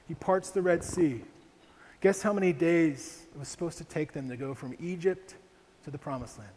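A young man from Ohio, a pastor, delivers a sermon about his family, often asking his congregation rhetorical questions. His slightly high voice is a little mellow, heard with faint ambience and a large hall's long reverb.

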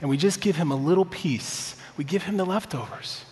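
This thirties-aged pastor preaches to a congregation in a church sanctuary, keeping the sermon conversational and upbeat with stories from his own life. He speaks fairly quickly in a darkish voice on the high side, and the hall around him is reverberant.

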